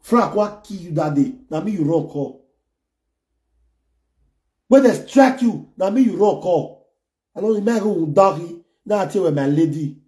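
Mocking Nigerian man ranting in an echoey room. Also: normal speed. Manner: insulting, mocking, switches between loud jeers and low muttering. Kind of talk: ranting online commentary.

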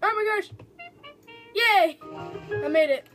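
A young woman giving excitable, giggly let's-play commentary on a game, chatting to her viewers as she plays. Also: extremely high pitch, slow pace, faint music behind. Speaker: gaming video host.

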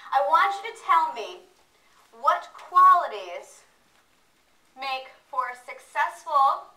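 A woman giving an energetic, playful motivational training talk to a live audience. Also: sits high. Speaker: workshop presenter. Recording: echoey room, distant mic.

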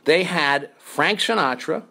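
A man hosting a comedy show, telling a story in an animated way and jumping into higher voices for effect. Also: slow pace, gravelly. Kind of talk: comic storytelling.

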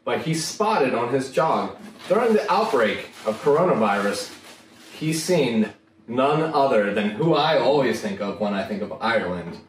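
A man's voice: moderate pace, far from the mic. A man trades jokes on a casual chat show and swears freely. His voice swoops up and down as he talks. He sits back from the mic, so the sound is roomy with a faint hiss behind it. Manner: joking, swears freely, lively pitch. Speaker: podcast co-host.

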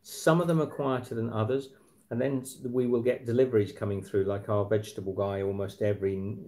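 Man, deep-ish mellow voice, rambling live-stream chat, lots of ums and restarts. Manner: chatty, rambling, frequent fillers and restarts. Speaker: livestream host. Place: apartment at night.

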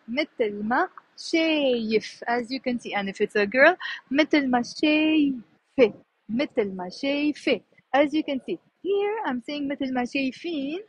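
A Lebanese woman teaching Arabic on a live stream while walking down a city street, chatty and repeating each new word slowly. She speaks into a phone held in her hand. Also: sits high, no room sound, poor audio. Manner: explains words, repeats each one slowly, chatty asides.

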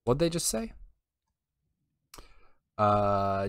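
A man's voice: fairly low pitch, normal speed, fairly bright tone, dry recording, clean studio sound. A young man giving casual, chatty gameplay commentary and thinking aloud as he plays. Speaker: let's play host.

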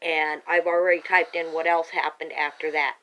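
A woman's voice: deep voice, flat delivery, normal speed, sharp tone, poor audio. A woman speaks in an agitated, insistent ramble, doubling back and restarting her sentences as she insists on her version. It is a plain home recording, made on a camera held by a family member. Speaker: parent telling her own account.

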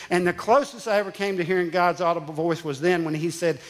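A man's voice: sits high, fairly even intonation, quick pace, few pauses. A male pastor preaching a sermon, telling a personal story with emphatic repetition. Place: church sanctuary. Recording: church sanctuary with long reverb.

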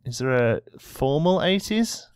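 A man's voice: on the high side, expressive, measured pace, darkish tone, smooth. A young man giving casual gameplay commentary, bossing his in-game characters around with mock exasperation. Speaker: let's play host.

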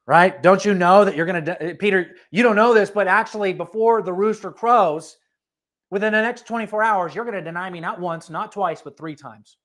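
Soft, low-voiced calm man quietly foretelling, as a preacher puts him on in a sermon. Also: normal speed, close to an everyday voice. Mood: calm, knowing. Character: calm grown man foretelling his departure. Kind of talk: sermon retelling with quoted speech.

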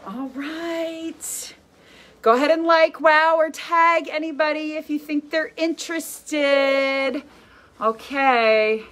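Slow and a bit bright, a young adult woman's high voice guides an animal-themed workout class. She keeps up encouraging chatter punctuated by playful animal noises, sounding far off with faint workout music in the background.

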